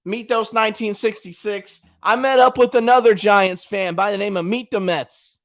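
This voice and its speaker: A man's voice: sits high, steady tone, moderate pace, a bit bright. Trash-talking man ranting on a livestream. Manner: trash-talking, colloquial, talks straight to chat. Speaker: channel host. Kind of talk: casual livestream rant.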